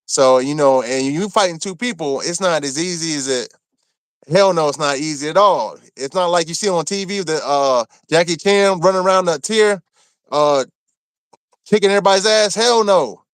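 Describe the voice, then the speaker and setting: A man from Maryland telling a rough story from his time in prison, cursing freely and acting out what people said. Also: on the high side, moderate pace, dry recording. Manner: animated, profane, acts out quotes. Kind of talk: casual storytelling.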